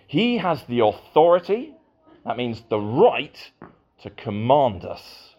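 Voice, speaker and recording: A man's voice: mid-range voice, sing-song, slow pace, a little mellow, lo-fi sound. A man preaching a sermon to a congregation, with playful asides.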